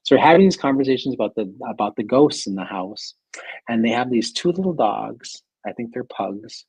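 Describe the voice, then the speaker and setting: A man's voice: mid-range voice, lively intonation, normal speed, a little mellow, slightly rough, dry recording, low-quality recording. A man, a doctor appearing as a guest, telling stories in casual conversation, rambling through fillers and laughing often as he talks.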